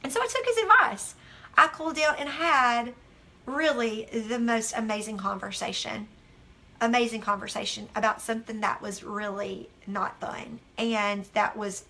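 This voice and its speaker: Bright, high-voiced woman giving devotional teaching. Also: moderate pace. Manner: animated, candid storytelling that acts out its own quotes. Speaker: devotional author and speaker.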